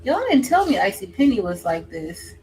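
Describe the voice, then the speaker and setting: Woman chatting thru a craft stream, talks to chat by name, says y'all a lot, gets loud and excited then goes soft. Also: mid-range voice, moderate pace, rough recording. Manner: drifts between excited exclaiming and soft asides. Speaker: craft livestream host. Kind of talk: casual chat while crafting.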